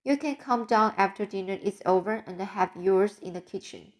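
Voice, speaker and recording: A woman's voice: medium pitch, moderate pace, darkish tone, close to an everyday voice. A woman reading an audiobook, voicing a strict, stern older woman who gives firm commands.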